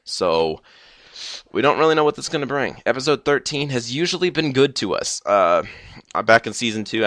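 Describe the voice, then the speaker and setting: A man's voice: low-pitched, sharp tone. Groggy young man rambling through a review. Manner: rambling, filler-heavy with many "like" and "uh". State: groggy, just woke up, slurring slightly. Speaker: TV episode reviewer. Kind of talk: casual video review.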